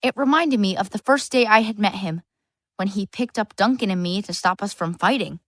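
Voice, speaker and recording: Bookish lonely boy voiced by a woman, earnest, wry, mid pitch, dry close studio mic, audiobook narration. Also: brisk, a bit bright, dry recording, lightly acted. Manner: earnest first-person storytelling, wry asides. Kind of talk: full-cast audiobook narration.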